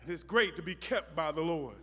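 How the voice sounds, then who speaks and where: A man preaching a sermon who repeats phrases for emphasis and builds up to shouted, chanted lines. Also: on the high side, lively intonation, fairly quick. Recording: muffled recording in a reverberant hall.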